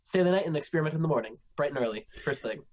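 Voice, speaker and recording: A man playing a tabletop game, playful and deadpan in character. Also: a little high, racing, muffled recording, crowd noise. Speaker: player.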